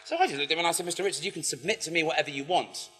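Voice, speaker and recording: Man, bright voice, lively storytelling talk, long hall reverb, faint music behind. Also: on the high side, racing, slightly rough. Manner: animated, acts out voices in his story. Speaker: poet and speaker. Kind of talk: storytelling talk to a live audience.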